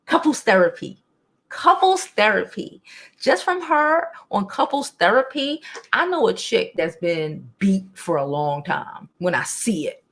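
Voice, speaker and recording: Reading viewers' chat messages aloud, a young woman runs a casual live stream in a blunt, profane, and lively way. She speaks at a medium pitch and a slightly slow pace.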